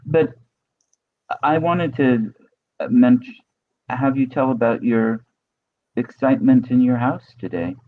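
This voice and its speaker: A man hosts an interview over a video call, his voice squeezed into a tinny, phone-like band. He talks in a relaxed, curious way, musing aloud. His pitch is ordinary for a man. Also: takes it slowly, long pauses. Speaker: host. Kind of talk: interview conversation.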